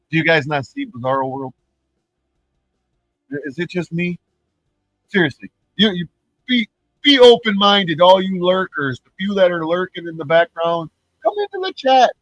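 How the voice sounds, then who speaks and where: A man's voice: high-pitched, measured pace, pauses often, a bit bright, no echo, highs cut off, soft background music. A man streaming a profane, mocking rant, laughing between points and mimicking his critics in sing-song voices. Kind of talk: ranting livestream monologue.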